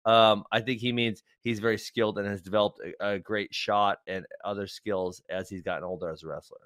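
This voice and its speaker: A man co-hosting a wrestling talk show in casual chat, loose and quick to laugh. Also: fairly low pitch, flat delivery, a bit bright, smooth, dry recording, clean studio sound. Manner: laughs often, chatty and loose.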